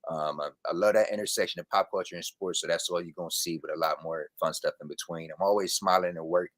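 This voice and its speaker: Deep-voiced laid-back man, dry sound. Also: fast talker, no echo. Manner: relaxed, slangy, laughs easily. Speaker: sports reporter and guest. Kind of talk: casual podcast interview.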